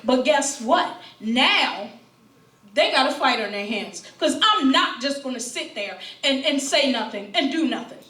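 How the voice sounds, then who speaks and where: High-voiced woman testifying at a town hall. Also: expressive, a little slow, sharp tone, recorded from a distance. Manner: emphatic, rhetorical questions, quotes opponents mockingly. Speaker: grieving mother speaking at a town hall. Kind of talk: impassioned public testimony. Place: town hall meeting room. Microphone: distant room mic. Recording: echoey hall, speaker heard from afar. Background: faint crowd murmur.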